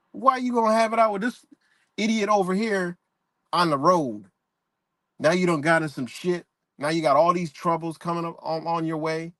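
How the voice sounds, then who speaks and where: Voice a little high and a bit bright, dry recording: a man hosting a live stream shouts out viewers in the chat and rants bluntly in profane street language, all in a casual tone.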